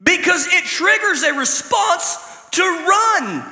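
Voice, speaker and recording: A middle-aged man, a pastor, preaching a sermon with animated storytelling and sudden loud outbursts. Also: extremely high pitch, slow. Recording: echoey hall, long reverb.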